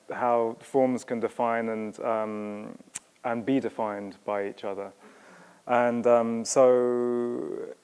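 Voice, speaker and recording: A man, a sculptor talking about his exhibition, speaking haltingly with many pauses and restarts. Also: mid-range voice, a little mellow, clear, resonant tone. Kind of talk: hesitant conversational talk. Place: museum auditorium. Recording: long hall reverb.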